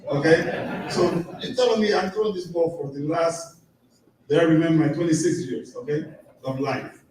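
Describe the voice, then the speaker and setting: A middle-aged man telling lively stories to a live audience, laughing often and acting out dialogue. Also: a little high, normal speed, a little hiss or hum. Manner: animated, laughing storyteller, acts out dialogue. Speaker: guest speaker at a live fan event. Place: event hall with audience. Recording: very echoey hall, voice far from mic.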